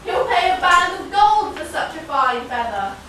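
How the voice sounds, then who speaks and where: A woman playing a bossy, shrill duck wife. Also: very animated, normal speed, bright, forceful tone, a little hiss or hum, full character voice. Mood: persuasive. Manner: nagging, scolding. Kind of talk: school stage play. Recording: echoey hall from far off.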